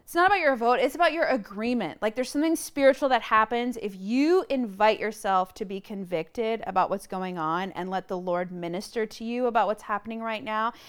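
A woman's voice: on the high side, fairly quick, few pauses, smooth. A woman guest on a podcast, talking earnestly in casual conversation and searching for her words, on a lapel mic. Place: room shared with host.

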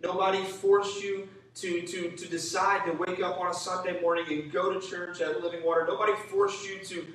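A man's voice: sits high, level tone, normal speed, few pauses, a bit bright. A male pastor preaching with energy, calling for responses from the congregation and acting out the voices of people in the story. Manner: acts out voices of biblical figures. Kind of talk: sermon. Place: church sanctuary. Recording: very echoey hall, voice from far off.

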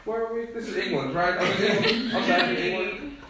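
A man's voice: sits high, brisk. A young man, a podcast guest, joking in a casual chat and laughing often. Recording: very echoey room, mic far off, crowd behind.

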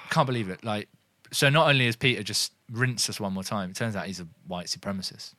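A man co-hosting a comedy podcast, bantering casually, swearing and now and then shouting. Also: fairly low pitch, normal speed, no echo. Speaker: podcast co-host.

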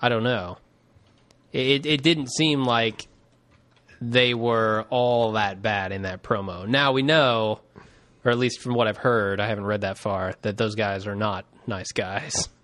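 A man's voice: fairly low pitch, a little slow, a bit bright. A man co-hosting a podcast in casual chat, laid-back, with dry quips and easy laughs. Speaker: podcast co-host.

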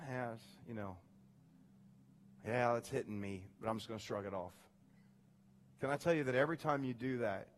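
A man preaching a sermon in a church, moving from hushed, quiet storytelling to loud, rising preaching and prayer. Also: mid-range voice, husky. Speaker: pastor. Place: church sanctuary.

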